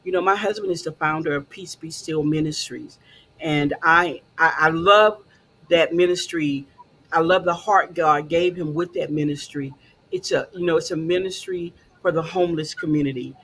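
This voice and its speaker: A woman's voice: low voice, moderate pace, a bit bright, a little hiss or hum. A woman hosting a casual talk show, encouraging and conversational, with frequent fillers.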